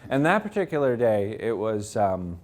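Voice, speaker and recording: A man, an author, telling lively self-mocking stories to an audience at a library talk, acting out the people he quotes. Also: on the low side, moderate pace. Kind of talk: anecdotal storytelling to a live audience. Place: public library event room.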